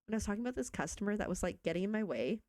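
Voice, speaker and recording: A woman's voice: mid-range voice, expressive, rapid-fire, darkish tone, dry recording, clean studio sound. A young woman chatting casually with viewers while she plays a video game, bubbly and self-teasing. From Canada. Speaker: streamer. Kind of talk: casual live-stream chat while playing a video game.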